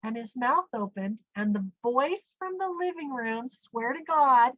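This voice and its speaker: A woman's voice: measured pace, dry recording. A middle-aged woman, a podcast guest, tells a personal story with animation and acts out what people said. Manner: animated storyteller, acts out quoted speech with big pitch jumps. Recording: dull, dry lo-fi audio.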